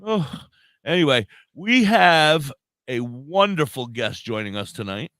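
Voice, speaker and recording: A man's voice: mid-range voice, big pitch swings, a little slow, fairly bright tone, dry recording. Goofy guy hosting a radio show, voice jumps all over, dry close mic. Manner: playful, goofy sound effects and exclamations. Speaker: radio co-host. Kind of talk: casual radio show chat.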